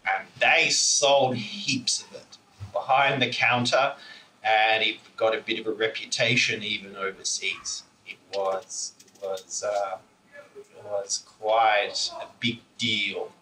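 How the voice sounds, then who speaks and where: A man's voice: on the low side, steady tone, slow, bright, forceful tone, slight background noise. A man giving an informal public talk, rambling with many fillers and chuckles, heard through a camera's built-in mic. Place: indoor talk venue. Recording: roomy, distant camera mic.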